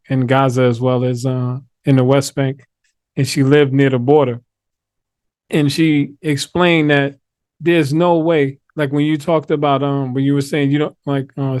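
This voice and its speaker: A man hosting a conversational discussion, speaking hesitantly with many pauses and restarts. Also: medium pitch, a little mellow, no echo.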